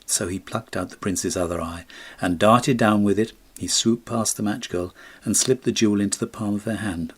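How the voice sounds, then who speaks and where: Low husky male storybook narrator. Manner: measured, expressive reading. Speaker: audiobook narrator.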